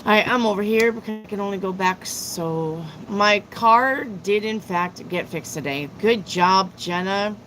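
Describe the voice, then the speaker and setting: A woman's voice: medium pitch, a little slow, hardly any pauses, fairly bright tone, slight background noise, poor audio. A woman hosting a live tarot reading stream, chatting casually and answering viewers' questions one by one, repeating herself as she goes.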